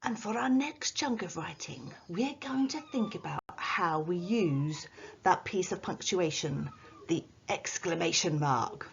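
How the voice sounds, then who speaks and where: A woman teacher records a writing lesson for children at home, speaking in a slow, sing-song way. Her voice is a little husky and sits on the lower side. Now and then she slips playfully into a pirate voice, and the lo-fi recording sounds slightly dull. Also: expressive. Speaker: primary school teacher.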